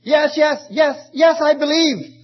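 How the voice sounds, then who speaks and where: A man's voice: extremely high pitch, unhurried, highs cut off, pitched above the performer's own voice. A preacher acting out a terrified male tourist dangling from a cliff, pleading in panicked cries.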